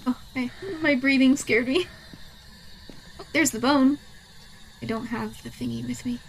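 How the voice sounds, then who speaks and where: Giggly high-voiced woman streamer. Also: fairly even intonation, a little slow, creaky, pauses often, slight background noise. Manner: giggly, chatty, talks to herself. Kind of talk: live gameplay commentary.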